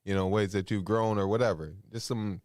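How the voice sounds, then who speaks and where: Laid-back low-voiced podcast host. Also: male voice, brisk, dry recording, studio quality. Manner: relaxed, rambling, slangy. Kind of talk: casual call-in chat.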